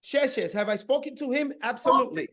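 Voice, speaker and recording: Energetic man with a high voice, sales coach on a video call, playful and punchy. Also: fairly quick. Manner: animated, acts out phone calls, says "right?" often. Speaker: team leader giving sales training.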